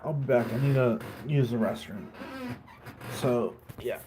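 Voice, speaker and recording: Man, live streamer, casual chat, rambling, mid-pitched voice. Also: a little slow, noisy background.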